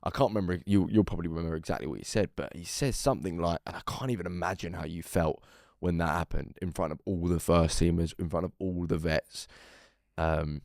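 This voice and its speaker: A man hosting a casual interview, curious and prodding with quick questions, swearing casually. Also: low voice, darkish tone, no room sound, studio quality. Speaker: podcast host.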